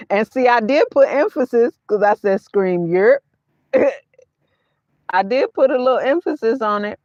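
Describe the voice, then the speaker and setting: A woman with a fairly high, slightly mellow voice hosts a casual vanlife livestream from her van, speaking directly to viewers. Animated but measured, with long pauses, she repeats her phrases and laughs often; the sound is dull and lo-fi with no echo.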